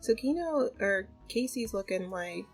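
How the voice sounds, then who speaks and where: Woman chatting through her sims story, mid pitch, faint music behind. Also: expressive, a little slow, low-quality recording. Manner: chatty, retelling with quoted dialogue. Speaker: gaming video creator. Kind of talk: casual story narration of a game.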